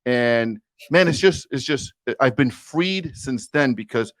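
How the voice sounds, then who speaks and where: A man's voice: mid-range voice, expressive, takes it slowly, no room sound. Earnest emphatic man telling his story. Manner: earnest, emphatic, addresses the host as brother. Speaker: podcast guest. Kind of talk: candid storytelling interview.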